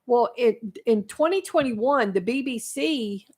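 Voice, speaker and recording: A woman's voice: fairly high pitch, animated, a little slow, darkish tone. A woman co-hosting a talk radio show, earnestly explaining a concern with frequent ums. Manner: earnest, informative, many ums.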